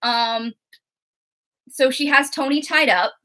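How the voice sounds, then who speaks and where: Speaking slowly in a voice that sits high, a young female co-host keeps a casual TV recap chat lively, frequently laughing and performing the characters.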